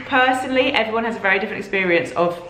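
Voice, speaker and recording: A young woman telling her story to camera in an animated, chatty way, with many fillers. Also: mid-range voice, rapid-fire, reverberant, slight background noise. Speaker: vlogger.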